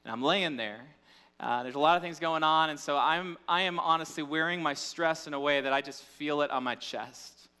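A man's voice: fairly high pitch, moderate pace, sharp tone, clean tone. A man in his thirties, a pastor preaching a sermon in a conversational, candid way. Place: church. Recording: reverberant church hall.

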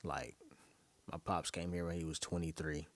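A young New man with a very low voice, speaking in a dry, close recording. He rambles through a casual monologue, loose and profane, with plenty of filler. He sounds relaxed and conversational. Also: moderate pace, dry recording. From Brooklyn, New York. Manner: loose, profane, rambling storytelling with frequent laughs.

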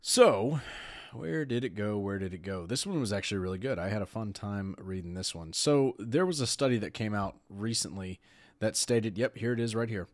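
A man's voice: fairly low pitch, animated, moderate pace, no room sound. Sarcastic man hosting a podcast. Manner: sarcastic, opinionated, laughs while reading aloud. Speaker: podcast host. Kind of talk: casual podcast commentary.

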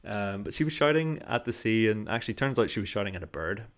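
A man's voice: fairly low pitch, expressive, fast talker. A man hosting a podcast alone, telling a rambling story full of fillers and frequent laughter into a microphone. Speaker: podcast host. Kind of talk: casual storytelling monologue. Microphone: studio microphone.

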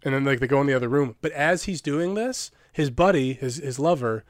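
A man's voice: mid-range voice, fairly quick, no room sound, studio quality. A young man co-hosting a podcast, rambling through a story with frequent laughs and swearing. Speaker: podcast co-host. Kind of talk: casual chat.

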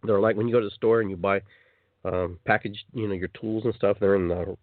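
A man hosting a spiritual self-help radio show, talking in an animated way and acting out the voices he quotes. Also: on the low side, brisk, no room sound. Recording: tinny phone-like dry line.

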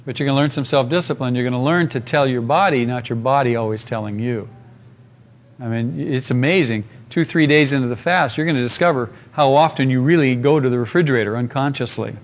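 A man's voice: mid-range voice, fairly quick. A man preaching a sermon as pastor, in an earnest, emphatic way with repeated phrases.

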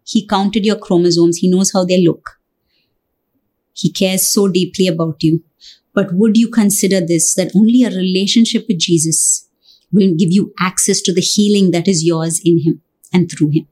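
A woman's voice: lowish voice, steady tone, moderate pace, dark tone, slightly rough. A woman preaching a sermon, earnest and pleading, with many rhetorical questions.

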